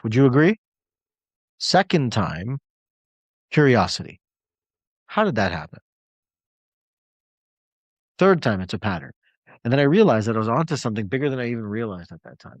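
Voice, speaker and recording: A man in his forties talks to an online audience in a motivational style, hammering home points through repetition. His pitch swoops up and down with lots of movement. The recording is dry and close, with no room echo. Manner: emphatic and repetitive, leans on key words. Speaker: motivational speaker. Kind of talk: motivational webinar talk.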